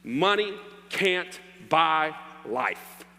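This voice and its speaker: Bright-voiced pastor preaching in a hall. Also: male voice, a little high, expressive, very slow. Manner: playful, joking with the congregation. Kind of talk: sermon. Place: church hall. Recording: long hall reverb, faint hum.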